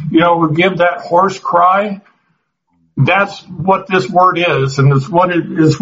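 A man's voice: sits high, bright, forceful tone, muffled recording. A man teaching a Bible class, earnest, often restarting his words and putting questions to the group.

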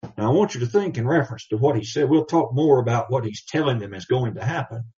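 Man preaching, emphatic sermon, dark mellow tone, far from mic, dull lo-fi sound. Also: mid-range voice, expressive. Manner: emphatic, reads scripture slowly in old English. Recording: distant, dull lo-fi recording.

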